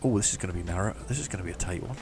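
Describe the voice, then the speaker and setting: A man's voice: low voice, animated, racing, music in the background. A man giving chatty, mock-heroic commentary while playing a driving game. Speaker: gaming channel host. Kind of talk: casual gameplay commentary.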